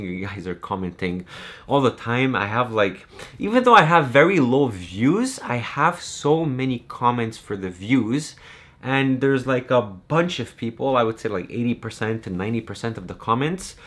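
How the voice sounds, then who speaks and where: Talking to his viewers in a relaxed vlog, this young YouTube creator and game master from Romania rambles chattily and leans heavily on fillers. He has a somewhat low, slightly bright voice.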